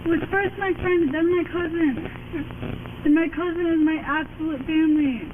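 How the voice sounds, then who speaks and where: Drunk young woman yelling and begging in a cop car, super high voice, muffled bodycam audio. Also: fairly even intonation, normal speed. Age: young adult. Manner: screaming, cursing, then pleading and rambling. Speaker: arrested woman in a patrol car. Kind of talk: bodycam footage. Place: back seat of a police car. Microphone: police bodycam. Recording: muffled lo-fi bodycam with loud noise.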